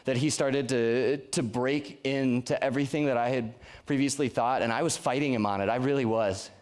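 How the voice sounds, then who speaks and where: A man's voice: medium pitch, fairly even intonation, moderate pace, darkish tone, clean tone. Casting note: a young male youth pastor, earnest and conversational, speaking in a mid-range voice and stumbling over his restarts. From Colorado. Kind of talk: sermon. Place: church youth service.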